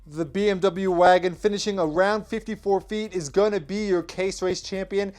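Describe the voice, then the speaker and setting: A young man hosting his channel, giving energetic play-by-play commentary on toy car races. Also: high voice. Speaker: toy car race host. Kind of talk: race commentary vlog.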